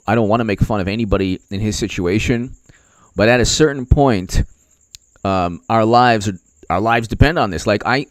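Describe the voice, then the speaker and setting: Casting: lower-pitched male political host, loose and rambling, filler-heavy, dry close mic. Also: no room sound. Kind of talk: casual political commentary livestream.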